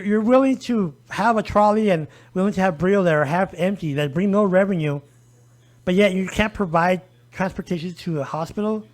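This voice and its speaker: A man with a high voice speaks as a disability rights advocate in a relaxed podcast conversation. He tells his story with animation and acts out the dialogue of the people he quotes. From El Paso, Texas.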